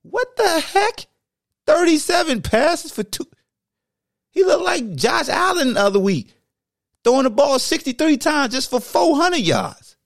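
A man's voice: a little high, very animated, normal speed, dry recording, studio quality. A man voicing his own brash, petty alter ego in a comic sports podcast skit, mocking and interrupting.

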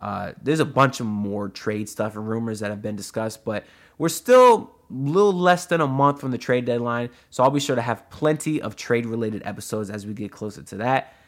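A man running a solo sports podcast in a loose, chatty way, with plenty of "uh"s and little tangents. His voice sits at a mid pitch and he talks straight into a podcast mic, like he's chatting with his listeners. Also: moderate pace. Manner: chatty and loose, with frequent "uh" and asides. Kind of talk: casual podcast commentary. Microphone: audio-only podcast mic.

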